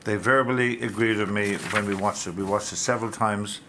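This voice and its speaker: A man's voice: fairly low pitch, steady tone, a little fast, gravelly, background noise. A man, a witness at a public inquiry, giving firm, defensive answers under questioning. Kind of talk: formal testimony under questioning. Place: public inquiry hearing room.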